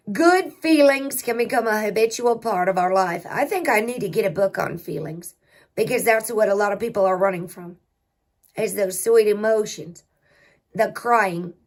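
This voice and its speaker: A woman hosting a spiritual healing livestream, talking slowly and reflectively with her viewers. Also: a little high. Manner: slow, reflective, talks to chat and to herself. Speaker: spiritual healing channel host.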